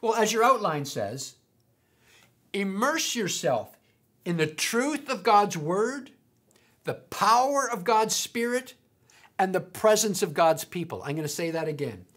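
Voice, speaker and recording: A woman preaching a sermon, emphatic, repeating key points slowly. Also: mid-range voice, expressive, a bit bright.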